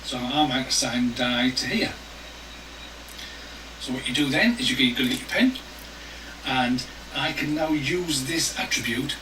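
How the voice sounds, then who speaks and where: A man calmly explaining a paper game's rules step by step and narrating its adventure text. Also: mid-range voice, unhurried, long pauses. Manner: calm, step by step. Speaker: game player explaining rules. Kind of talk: rules walkthrough and game narration. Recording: roomy distant mic, noisy.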